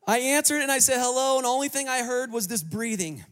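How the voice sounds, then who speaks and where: A male pastor preaching a sermon, telling a story as a lively storyteller with joking asides to the congregation. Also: extremely high pitch, fast talker. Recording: long reverb of a large hall.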